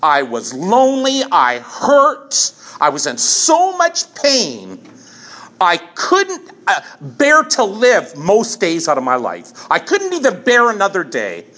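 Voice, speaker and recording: A man in his fifties telling his own recovery story from the front of a meeting room, candid and halting, often restarting and repeating phrases. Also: sits high, wildly swooping pitch, bright, forceful tone. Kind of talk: personal testimony at a recovery meeting.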